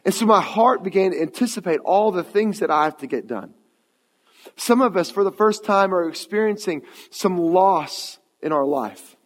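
A man's voice: high-pitched, animated, normal speed. A man in his late thirties preaching a sermon as pastor, telling stories in a conversational way. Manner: conversational storytelling. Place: church sanctuary. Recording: long church hall reverb.

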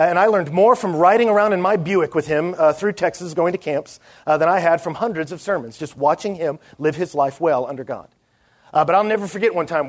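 A middle-aged man delivering a sermon, his voice sitting high for a man. He tells stories with energy and acts out the people he quotes. It is a church talk for a conference. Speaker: pastor.

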